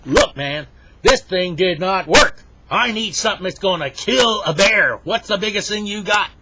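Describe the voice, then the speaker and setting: A man's voice: fast, heavy background noise, natural voice. A man doing a dim, hot-headed hunter. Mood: furious. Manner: whiny outbursts that jump high and loud. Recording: dull lo-fi home recording.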